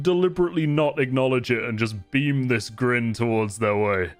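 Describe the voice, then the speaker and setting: A man narrating as game master, describing scenes in a relaxed, rambling, descriptive way. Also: mid-range voice, moderate pace, faint music behind. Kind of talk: improvised tabletop narration.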